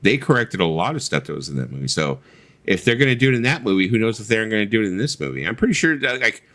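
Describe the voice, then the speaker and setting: A man co-hosting a casual livestream chat, telling stories in a blunt, profane, animated way. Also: on the low side, quick pace. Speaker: co-host of a livestream.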